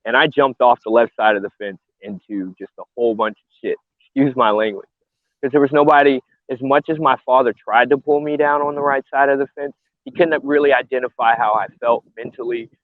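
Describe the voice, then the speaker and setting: A man's voice: medium pitch, fairly even intonation, a little fast, dry recording. A man, a fighter and coach, talking earnestly and emotionally in a casual interview, rambling with restarts. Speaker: bare-knuckle fighter and coach. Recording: tinny phone-like line.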